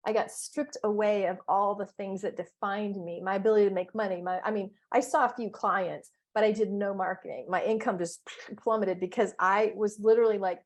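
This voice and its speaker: A woman coach telling stories in a casual interview chat, playful and animated, with big exclamations. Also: mid-range voice, normal speed.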